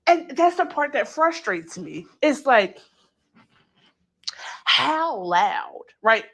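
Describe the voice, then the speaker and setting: A woman with a fairly high voice hosts a casual true crime commentary. She takes her time, speaking slowly and leaning on filler words. Her delivery is animated and incredulous, and she acts out the quotes she discusses. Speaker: true crime channel host.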